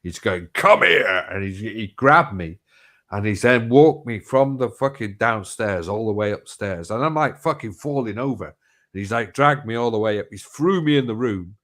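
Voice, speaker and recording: A man's voice: lowish voice, animated, normal speed, fairly bright tone. A middle-aged man, telling rambling stories in casual chat, swearing freely and restarting his sentences.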